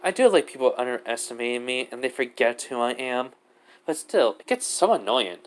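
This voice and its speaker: A man voicing a calm, all-knowing deity in a fan story, brisk and dismissive. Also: mid-range voice, lightly acted. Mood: annoyed.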